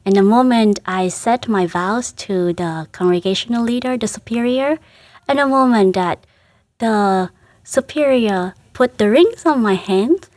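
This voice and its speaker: A woman speaks slowly, her halting phrases broken by soft laughs. She is a religious sister answering interview questions in her own unhurried way. The sound is dry, with no room echo. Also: medium pitch, animated. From Vietnam. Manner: halting, earnest, laughs softly between phrases. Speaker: Catholic sister, interview guest. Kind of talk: casual interview.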